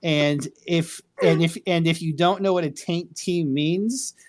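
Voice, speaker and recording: A man's voice: fairly high pitch, steady tone, unhurried. A man hosting a casual live chat, an attorney who rambles, curses freely and fills his talk with fillers. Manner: rambling, profane, many fillers. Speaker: host.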